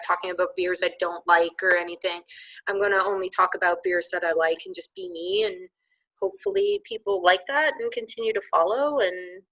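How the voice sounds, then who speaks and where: A woman's voice: mid-range voice, bright, forceful tone, low-quality recording. A woman from the Liverpool area of England, a guest on a podcast, chatting in an upbeat way and laughing often. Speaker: podcast guest, beer blogger. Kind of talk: casual interview chat.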